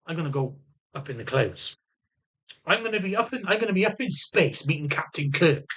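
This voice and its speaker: A man's voice: on the high side, pushed and bright, breathy edge. A man vlogging in an unscripted, rambling, sweary way, repeating himself as he talks through his frustrations. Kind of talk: unscripted personal vlog.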